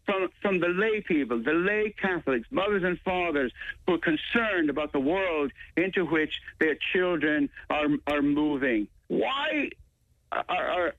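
A priest argues his point in a played-back radio interview, emphatic and insistent. His fairly high voice comes through dry and tinny, like a phone line. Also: no room sound.

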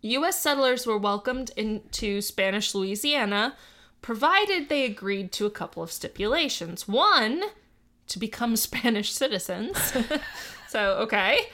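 A woman's voice: a little high, lively intonation, unhurried, pushed and bright. A young woman co-hosting a casual history chat, reading from notes with playful, giggly asides. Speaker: podcast co-host.

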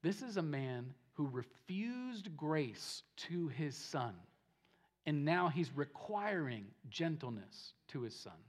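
A pastor preaching a Sunday sermon, repeating key phrases and shifting between hushed and forceful delivery. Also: male voice, fairly high pitch, sing-song, takes it slowly. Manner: emphatic, repeats phrases, swings from soft to loud. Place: church service.

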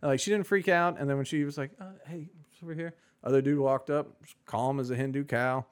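A man's voice: medium pitch, steady tone, quick pace, clean tone. A man co-hosting a podcast in casual chat, rambling and sarcastic with many fillers. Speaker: podcast co-host.

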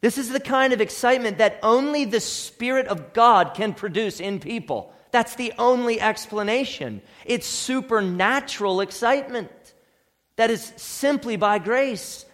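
Brief: middle-aged male pastor, fairly high voice, earnest conversational sermon, long church reverb. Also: animated, measured pace, a bit bright. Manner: earnest, conversational preaching with rhetorical questions. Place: church sanctuary.

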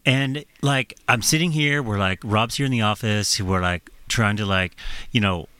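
A man casually telling a profane, animated story on a podcast, laughing as he goes. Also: fairly low pitch, normal speed, clean tone, no room sound.

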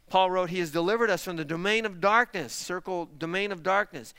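A man's voice: high voice, sharp tone, smooth, no echo. A man, a pastor, preaching a sermon with emphatic rhetorical questions and direct appeals to the congregation. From parents lived in Texas.

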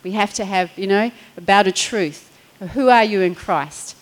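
A woman's voice: medium pitch, moderate pace, low-quality recording. A middle-aged woman pastor, preaching in a chatty storytelling way, laughing and acting out quotes. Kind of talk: sermon.

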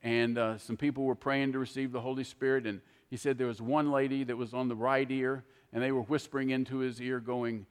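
An older man preaching a sermon, telling folksy stories in an animated, heartfelt way. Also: medium pitch, a little fast, hardly any pauses, clear, resonant tone, long reverb tail. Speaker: pastor.

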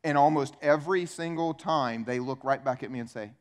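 A man preaching a sermon as pastor, animated, acting out little dialogues in changing voices. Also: mid-range voice, brisk. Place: church.

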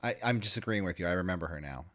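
A low-pitched man chimes in on a podcast with short jokey remarks, his pitch swinging widely as he talks. The sound is close and dry, with no room echo. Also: animated, racing, a bit bright. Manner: jokey, short interjections, swears casually. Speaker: podcast co-host. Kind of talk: casual chat.

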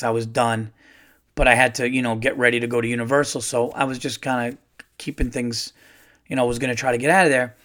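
Chatty man telling a comedy story. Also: medium pitch. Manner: loose, animated storytelling with frequent fillers. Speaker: podcast host and stand-up comedian. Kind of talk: casual solo podcast storytelling.

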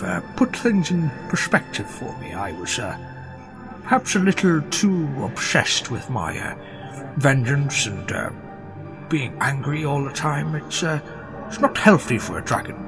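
A man voicing a gentle, rueful male dragon ghost in a mirror, speaking hesitantly with many fillers. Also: on the high side, big pitch swings, a little slow, music in the background. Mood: apologetic.

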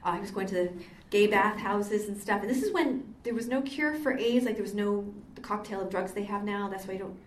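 An older woman, a Catholic sister, gives a conversational lecture packed with anecdotes in a meeting hall, speaking fairly quickly in a mid-range voice with few pauses. She's chatty and says um often. The recording is echoey with a distant mic and a little hiss or hum.

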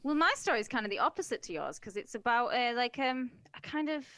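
A woman's voice: a little high, animated, fast, pushed and bright, no room sound. A woman co-hosting a podcast, chatting in a wry, sarcastic way while retelling news stories. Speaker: podcast co-host.

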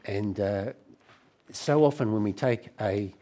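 A middle-aged man preaching a sermon to a church gathering, conversational and warm in tone, with frequent restarts. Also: fairly low pitch, slow pace.

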